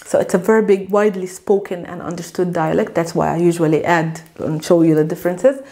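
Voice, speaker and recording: A woman with a Palestinian Arabic accent, a native Arabic speaker, teaching an online language lesson in an animated, patient way, repeating words slowly for learners. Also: lowish voice.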